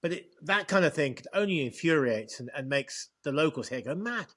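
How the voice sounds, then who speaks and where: English-accented male co-host, slightly high voice, halting chat delivery. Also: expressive, fairly bright tone. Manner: halting, repeats words often. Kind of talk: casual chat.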